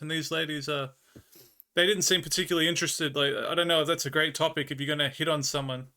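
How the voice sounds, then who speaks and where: A man's voice: fairly high pitch, steady tone, quick pace, bright, forceful tone. A man with an Australian accent chatting with viewers on a live stream, telling rambling stories and laughing often. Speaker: livestreamer. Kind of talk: casual chat with viewers.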